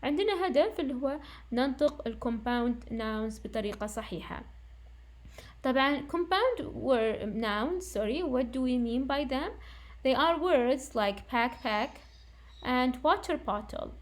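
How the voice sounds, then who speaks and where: A woman's voice: high voice, lively intonation, moderate pace. A woman teaching an English lesson, explaining and correcting herself as she goes.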